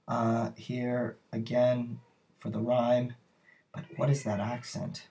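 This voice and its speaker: A man's voice: medium pitch, flat delivery, slow pace, warm tone. A man teaching a poetry lesson, talking it through thoughtfully and searching for words as he explains.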